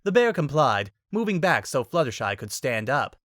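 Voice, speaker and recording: A narrator giving a dramatic reading of a fantasy fan story, with expressive storytelling. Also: mid-range voice, normal speed, dry recording, clean studio sound.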